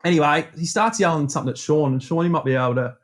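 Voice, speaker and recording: An Australian man casually telling a cricket story on a podcast, animated, acting out his own banter. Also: on the high side, very fast.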